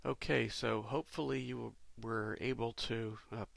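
A man, a company president, talking through a product demo in a relaxed, explanatory way with frequent pauses. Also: medium pitch, creaky, no room sound. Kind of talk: casual product demo walkthrough.

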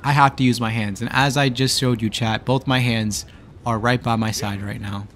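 A man's voice: medium pitch, steady tone, normal speed, a bit bright, a little hiss or hum. A man streaming live, chatting casually and teasing back and forth with his viewers. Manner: bantering with chat, teasing and exasperated.

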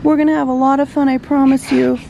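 A woman in her thirties with a Californian accent, softly and affectionately talking through her family's day in a casual home vlog. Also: high voice, level tone, quick pace, vocal fry, a little hiss or hum. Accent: Californian English. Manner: soft, affectionate, talks through plans. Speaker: vlogger mother.

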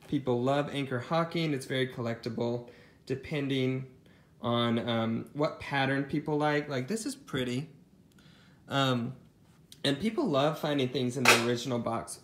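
A man's voice: mid-range voice, normal speed, a little hiss or hum. Guy showing off his thrift finds, chatty and rambly, um-ing a lot. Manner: chatty and rambling, with many ums and asides. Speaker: thrift reseller showing a haul. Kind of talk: casual haul vlog chat.

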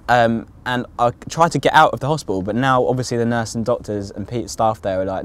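A man's voice: medium pitch, fairly quick, hardly any pauses, clear, resonant tone. A young man tells his own story casually in a documentary, with lots of fillers and swearing. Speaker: interviewee recounting his own psychosis. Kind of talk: candid documentary testimony.

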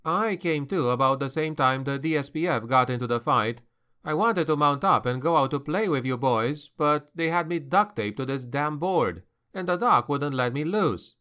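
A man's voice: on the high side, expressive, sharp tone, clean tone. A man voicing a tough, short-tempered female mercenary commander, injured, her voice a little thick from painkillers. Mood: wry. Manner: snappish, brisk.

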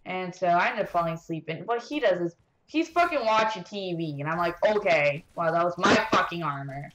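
A young woman telling a rambling, swear-heavy story while playing a video game, venting in an animated way. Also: on the low side, brisk, lo-fi sound. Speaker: gaming streamer. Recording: roomy echo, faint background noise.

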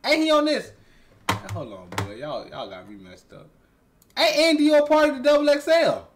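Animated man hosting a rap reaction. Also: sits high. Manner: animated, breaks into laughing shouts, says "boy" often. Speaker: YouTube reaction host. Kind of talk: casual reaction commentary. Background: hip hop music playing.

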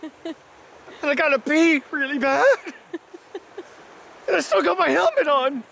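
Very high-voiced joking man. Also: unhurried, vocal fry, pushed and bright. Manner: jokey, playful complaining. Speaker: vlog host. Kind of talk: casual chat on a trip. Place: outdoors on a river trip.

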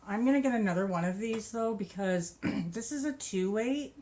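A woman's voice: mid-range voice, animated, moderate pace, hardly any pauses, darkish tone. A woman vlogger chatting casually about her crochet projects and yarn, gushing and laughing often. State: a bit out of breath. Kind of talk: casual show-and-tell chat.

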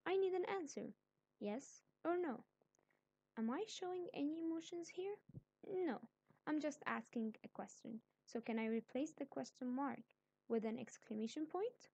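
A woman teaches a grammar lesson, patient and methodical, breaking each point into small steps. Her voice sits fairly high but sounds soft and mellow, and the recording is close and dry with no room sound. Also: a little slow, vocal fry, no room sound. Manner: patient, explains step by step, then acts out example sentences.

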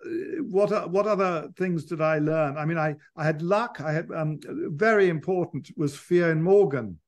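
A man's voice: fairly high pitch, normal speed. A man, a biographer guesting on an interview and telling long, digressive stories with frequent restarts. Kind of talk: conversational interview.

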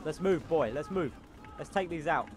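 A man commenting on a war game he plays, loud and goofy, repeating battle cries. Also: on the high side, moderate pace. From not American. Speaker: gameplay commentator. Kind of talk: casual gameplay commentary. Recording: noisy with game gunfire behind. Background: game gunfire and engine noise.

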